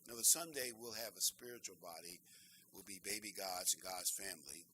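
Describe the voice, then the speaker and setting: An older man preaching a sermon, earnest and emphatic, slowing down to stress key phrases. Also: low-pitched, pushed and bright, slight background noise, rough recording.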